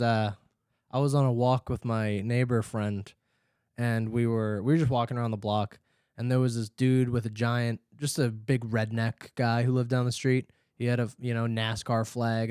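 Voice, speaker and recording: A man's voice: mid-range voice, normal speed, clear, resonant tone, no room sound, clean studio sound. A man co-hosting a podcast in casual chat, telling stories with lots of laughter. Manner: laughing storyteller, animated when telling stories. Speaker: podcast co-host.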